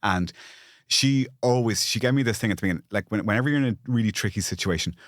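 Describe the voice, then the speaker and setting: A man's voice: fairly low pitch, a bit bright, dry recording, clean studio sound. A man in his forties with an Irish accent, speaking candidly as a podcast guest, often restarting and repeating words as he finds his thoughts. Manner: halting restarts, repeats words, grows emotional. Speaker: guest, architect and TV presenter. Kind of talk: candid conversational interview.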